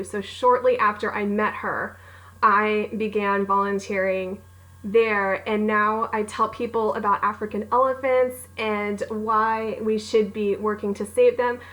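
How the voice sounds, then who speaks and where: A woman's voice: mid-range voice, a bit bright, low-quality recording. A young adult woman who is an author, chatting casually about favorite books with bubbly, gushing enthusiasm and acting out her own reactions. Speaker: author and book vlogger. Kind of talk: casual book recommendation vlog.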